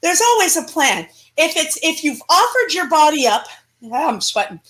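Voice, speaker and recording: Emphatic high-voiced woman. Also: moderate pace, poor audio. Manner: emphatic, animated, laughs often. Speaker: paranormal investigator guest. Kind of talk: casual interview chat.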